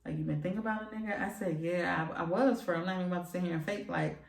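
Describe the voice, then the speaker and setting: A woman's voice: fairly low pitch, very fast, creaky, reverberant, distant mic. A young woman in her twenties telling a frank personal story to her viewers, emphatic and profane. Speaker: vlogger. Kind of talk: candid storytelling. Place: room at home, seated.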